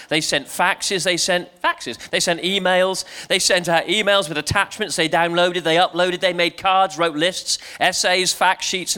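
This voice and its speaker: Playful, bright-voiced male preacher. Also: fairly high pitch, clear, resonant tone. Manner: lively, playful, coaxing the crowd. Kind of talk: family church talk with audience participation.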